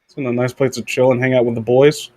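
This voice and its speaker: A man hosting a casual podcast, reading aloud haltingly and joking around. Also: mid-range voice, flat delivery, dark tone, slight background noise. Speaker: podcast host.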